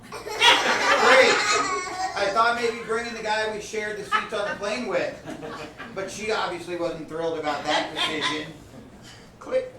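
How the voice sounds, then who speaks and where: A man improvising a deadpan comic slideshow story on a comedy stage. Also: sits high, a little slow, pauses often, distant mic, heavy background noise. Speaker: improv performer. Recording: echoey room miked from afar.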